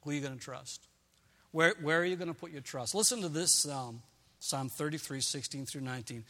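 A man preaching a sermon with a forceful, bright edge to his somewhat high voice. He talks earnestly and repeats key phrases for emphasis. His voice rings out with a long reverb, as in a big hall. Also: brisk. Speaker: pastor.

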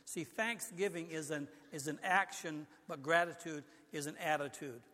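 An older pastor delivers a sermon in a church sanctuary, speaking conversationally and frequently starting his sentences over. His voice is fairly high and sharp at a normal speed, and a long hall reverb surrounds it.

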